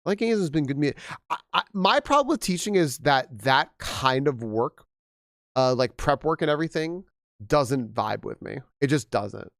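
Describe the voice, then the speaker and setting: A young man chatting casually on a game stream, rambling and animated with frequent restarts, slightly hoarse from losing his voice. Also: fairly high pitch, normal speed, no room sound, studio quality. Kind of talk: casual live-stream chat.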